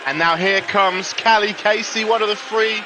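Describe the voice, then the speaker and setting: A man's voice: high-pitched, steady tone, moderate pace, crowd noise, noisy background. A young man commentating a wrestling game live on a stream, chatty and greeting viewers between calls. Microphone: laptop mic. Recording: music playing behind. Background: music.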